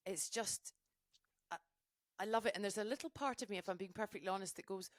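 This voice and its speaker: A middle-aged woman, a ski mountaineering race commentator, chatting as a podcast guest in a gushing, animated way with many restarts. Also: medium pitch, moderate pace, long pauses, no echo. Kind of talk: casual podcast chat.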